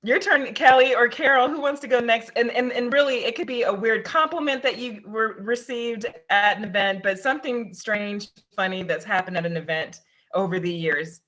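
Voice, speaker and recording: A woman hosts a casual group video call. Her voice is bright and a little sharp. She tells stories with a lot of life. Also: on the high side, normal speed, lo-fi sound. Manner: animated storyteller. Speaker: host.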